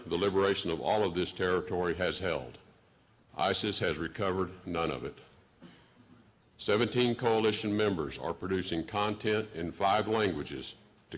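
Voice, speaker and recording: A man in his sixties with a Texan accent, delivering a formal prepared speech in a measured, deliberate way. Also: low-pitched, fairly bright tone. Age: 60s. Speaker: government official giving a speech.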